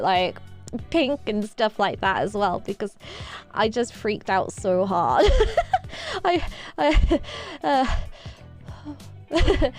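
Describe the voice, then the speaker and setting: A woman streaming live, chatting in a rambling, excitable way, repeating herself and giggling. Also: medium pitch. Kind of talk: casual livestream chat.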